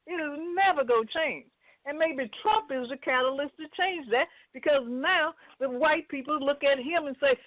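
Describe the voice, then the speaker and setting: A woman's voice: sits high, moderate pace, no echo. A woman calling in to a talk radio show, speaking plainly and emphatically. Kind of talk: casual call-in commentary. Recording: tinny dry phone line.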